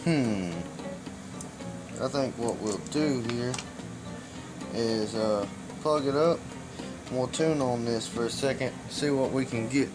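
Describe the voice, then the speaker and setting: A middle-aged man hosting a casual DIY vlog, loud, joking and profane. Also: mid-range voice, slow pace, pauses often, music in the background. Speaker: channel host, circuit bender.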